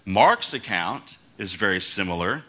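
A man's voice: sits low, animated, measured pace, pushed and bright. A man preaching a casual, conversational sermon as pastor, chuckling between points and acting out the quotes in his story.

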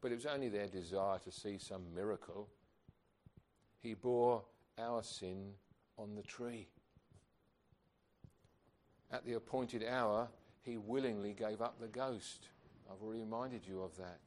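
A man's voice: lowish voice, measured pace, pauses often, a little mellow. A man preaching a sermon, earnest and emphatic, asking rhetorical questions of his congregation.

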